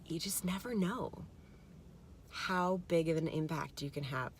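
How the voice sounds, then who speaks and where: Middle-aged lady vlogging, low gravelly voice after no sleep, faint hum behind. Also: measured pace. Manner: animated, mimics others in quotes. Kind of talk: casual storytelling to camera.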